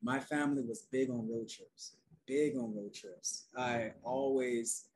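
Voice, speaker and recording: A soft-spoken young man from North Carolina, talking calmly as a guest in a casual group conversation. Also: medium pitch, unhurried, a little hiss or hum, low-quality recording. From North Carolina, USA. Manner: soft-spoken and relaxed, calls it his quiet storm voice. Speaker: guest, outdoor youth program founder.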